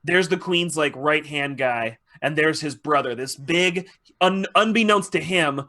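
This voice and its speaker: A podcast host with a fairly high, bright, pushed voice talks unhurriedly. He casually retells a TV episode in a rambling, profane way, acting out the characters' lines.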